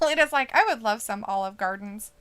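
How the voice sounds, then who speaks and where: A woman's voice: on the high side, expressive, normal speed, fairly bright tone, clean tone. A woman from Idaho co-hosting a wrestling watch-along stream, chatting casually, reading out the live chat and laughing often.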